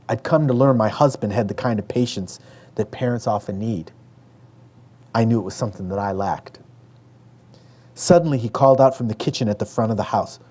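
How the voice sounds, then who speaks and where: Man reading his memoir, dark tone. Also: medium pitch. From Western New York. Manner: measured, acts out family quotes in raised voices.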